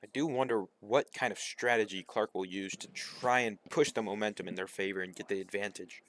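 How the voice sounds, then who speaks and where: A man giving measured, speculative color commentary on a competitive video game match. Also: lowish voice, a bit bright, slight background noise. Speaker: esports caster. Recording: dry close mic.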